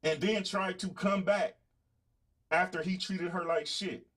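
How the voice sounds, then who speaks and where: A man's voice: high voice, fairly even intonation, a little slow, fairly bright tone. A middle-aged man with a Southern US accent, hosting his own show in a blunt, boastful, profane monologue aimed at his audience. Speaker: podcast host. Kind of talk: blunt casual monologue to viewers.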